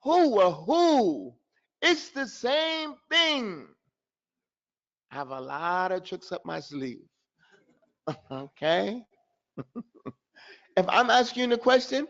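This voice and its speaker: Male teacher, slightly high voice, unhurried delivery, repeats syllables to demonstrate, dull online class sound. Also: gravelly. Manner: chuckles at his own trick questions. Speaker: Quran recitation teacher.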